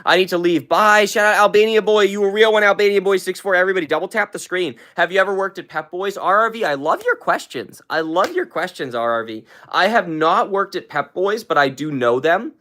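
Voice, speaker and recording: A man's voice: brisk, hardly any pauses. Young man, upbeat livestream host, casual chat, phone mic at home. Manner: upbeat, gives shout-outs to chat, jumps pitch when excited. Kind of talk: casual live-stream chat with viewers.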